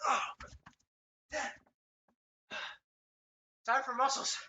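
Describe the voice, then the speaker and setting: Excitable, laughing man streaming from home. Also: mid-range voice, a little slow. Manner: laughing often, swearing, excitable. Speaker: livestreamer. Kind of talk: casual live-stream chat. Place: home room at a desk. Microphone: desk mic, wearing wired headphones.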